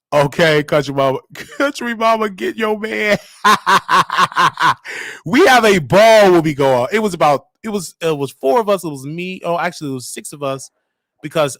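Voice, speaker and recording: A Southern US man hosting a live online show, his voice high and bright and leaping all over the place. He swings from loud hype to soft murmured asides, sounding close and dry on the mic. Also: no echo. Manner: animated, sing-song, swinging between loud and hushed. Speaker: host. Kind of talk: casual livestream talk.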